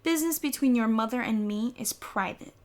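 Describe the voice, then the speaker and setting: A woman's voice: a little high, brisk, a little mellow, natural voice. A woman voicing a bossy young teenage girl who talks in a smug, mocking way. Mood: teasing.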